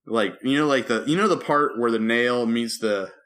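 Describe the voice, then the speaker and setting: A man co-hosting a podcast, telling a story in casual chat and loudly acting out what people said. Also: mid-range voice, normal speed. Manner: animated storyteller, acts out quotes loudly. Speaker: podcast co-host.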